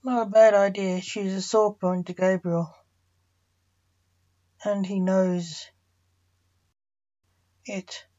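A woman's voice: mid-range voice, flat delivery, slow pace, long pauses, mellow, lightly acted. A woman voicing a male sorcerer on trial, who answers reluctantly and awkwardly, in a storybook reading. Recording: dull lo-fi recording.

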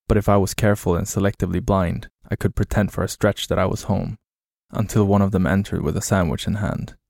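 A man narrating a horror story in a flat, grim, low-key way. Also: vocal fry, no echo, clean studio sound.

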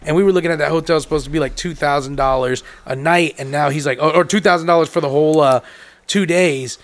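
A man's voice: on the high side, fast talker. A young man on a podcast, telling a long story casually, swearing and acting out both sides of each conversation. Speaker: podcast co-host.

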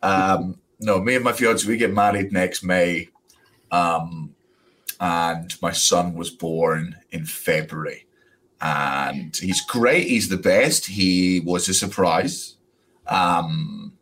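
A Scottish comedian in his thirties, chatting as a podcast guest in an animated, jokey way with plenty of swearing. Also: low-pitched, slow pace. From Scotland. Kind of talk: casual podcast chat.

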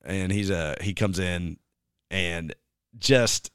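A man's voice: deep voice, fairly even intonation, slow, fairly bright tone, clear, resonant tone, dry recording, clean studio sound. A man who is a worship pastor, chatting casually and rambling with lots of fillers. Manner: rambling, filler-heavy, breaks into singing snippets. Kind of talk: casual chat.

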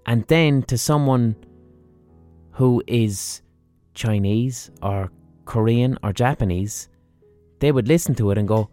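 A man hosts a podcast in a casual monologue. He talks bluntly, swears freely and rants from point to point, at a medium pitch. Faint music sits underneath his voice. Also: slow pace, long pauses, warm tone, no room sound. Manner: blunt, profane and ranting. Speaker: podcast host.

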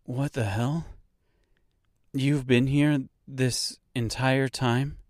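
A man's voice: mid-range voice, steady tone, very slow, a little mellow, no echo, clean studio sound, pitched above the performer's own voice. A man voicing a stern, impatient young woman heroine in an audiobook, speaking with exasperation. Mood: disbelieving.

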